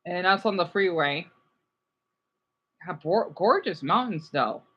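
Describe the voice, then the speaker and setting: A man chatting casually on a live stream, reacting to viewer comments in a rambling, animated way. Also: high voice, slow pace, slightly rough, dull audio. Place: home room, keeping voice down.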